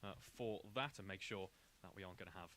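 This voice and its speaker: A man's voice: deep voice, fast, a little hiss or hum. A man giving live commentary on a kart race from a commentary box, steadily reading out the grid order. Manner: steady, reads out grid orders in long lists. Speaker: karting commentator.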